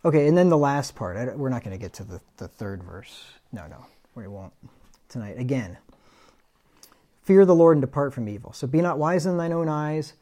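A man's voice: mid-range voice, animated, brisk, warm tone. A middle-aged man preaching in a conversational way, reading scripture aloud and chuckling at his own stories. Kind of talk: Bible study sermon.

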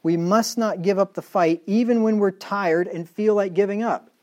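A middle-aged male pastor preaching a sermon emphatically, reading scripture slowly and dropping into quiet asides. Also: high voice, fairly even intonation. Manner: emphatic preaching, reads scripture in slow measured tones, drops to quiet asides.

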